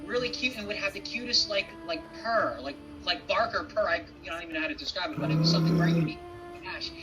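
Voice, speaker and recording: A man's voice: high voice, dull audio, loud music behind the voice. Hesitant man heard from a distance. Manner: hesitant, halting, with many restarts. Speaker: podcast guest. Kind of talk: casual conversation.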